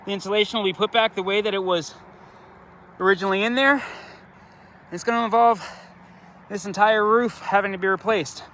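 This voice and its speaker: A man's voice: high-pitched, steady tone, fairly quick, pauses often, pushed and bright, a little hiss or hum. A man, a roofing contractor, out of breath and exasperated as he walks through damage outdoors on a roof, explaining each point step by step. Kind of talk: on-site inspection walkthrough.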